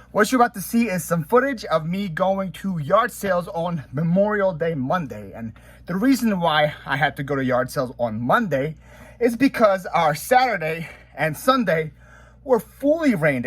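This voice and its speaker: An upbeat young man from the Philadelphia area talks through his reseller vlog in a loose, chatty way. His voice sits a bit high for a man, and he laughs easily and sounds a little winded. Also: no echo. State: out of breath. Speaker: reseller vlogger. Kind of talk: casual vlog chat.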